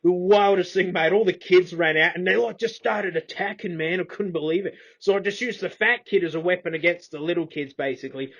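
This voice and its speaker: Man, Australian accent, rambling comic monologue, laid-back drawl, slightly high voice, muffled lo-fi mic. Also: brisk, hardly any pauses, a bit bright. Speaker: comedic YouTuber. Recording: dull lo-fi test microphone.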